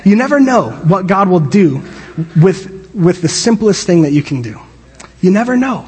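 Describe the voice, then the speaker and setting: A man preaches from the church stage in a high, husky voice. He talks in an animated, joking way and often restarts his sentences. The sound rings out with the long reverb of a large hall. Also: normal speed. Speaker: pastor. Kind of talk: sermon. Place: church sanctuary.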